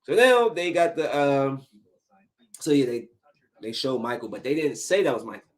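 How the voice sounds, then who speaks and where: A man in his thirties hosting a podcast, giving a casual solo commentary in an animated, emphatic ranting style full of slang. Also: mid-range voice, moderate pace. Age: 30s. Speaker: podcast host.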